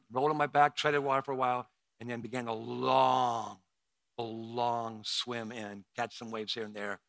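Male preacher, crisp bright tone, restarts and repeats words, close dry mic. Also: mid-range voice, level tone, moderate pace, dry recording. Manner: emotional storytelling with frequent restarts and repeated words. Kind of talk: sermon with personal story.

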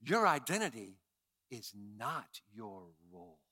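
Male pastor, middle-aged, lively sermon delivery with wide pitch swings and acted-out quotes. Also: measured pace, no echo, studio quality. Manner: animated preacher, acts out quoted lines with big swings in loudness.

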